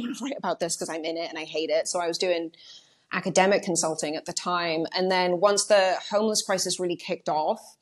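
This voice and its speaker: A young woman from the United Kingdom, a journalist talking casually in an interview with lots of fillers and quick asides. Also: mid-range voice. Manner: chatty, many fillers, quick animated asides. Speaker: journalist guest.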